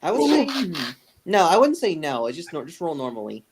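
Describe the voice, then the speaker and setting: A man's voice: fairly high pitch, huge pitch swings, a little fast, breathy edge. A man narrating as game master of a tabletop game, rambling and correcting himself as he goes.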